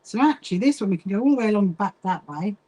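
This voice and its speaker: A woman's voice: medium pitch, lively intonation, quick pace, warm tone. Chatty British woman hosting a sewing stream. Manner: chatty, reads viewer comments aloud, frequent "hang on" asides. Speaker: livestream host. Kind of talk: casual chat while sewing.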